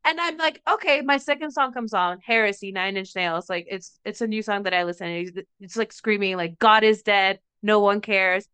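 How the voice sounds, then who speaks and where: A young woman with a bright, crisp voice, swearing freely as she tells a story on a podcast. She acts out other people's lines with lively energy. The sound is dry and close to the mic. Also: medium pitch, fairly quick, few pauses, dry recording. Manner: animated, profane, acts out quotes of others. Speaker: podcast co-host. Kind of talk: casual storytelling chat.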